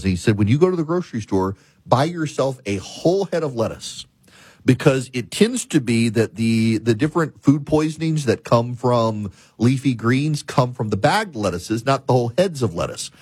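Husky-voiced man hosting a talk show. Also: medium pitch, lively intonation, normal speed, a little mellow, dry recording. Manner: storytelling, emphatic, explaining.

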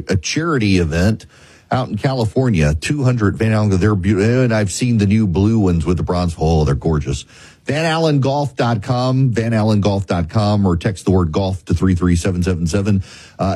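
Casual host read: guy, chatty and folksy, a bit husky. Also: on the low side, dark tone, no echo. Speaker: radio talk show host. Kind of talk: talk radio with live ad read.

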